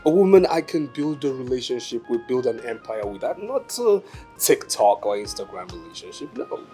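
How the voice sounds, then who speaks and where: An actor with a Nigerian English accent playing a calm, persuasive widower courting a woman. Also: mid-range voice, normal speed, soft background music, natural voice. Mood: tender. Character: smooth-talking male widower wooing a woman. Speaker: widower suitor. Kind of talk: film drama acting.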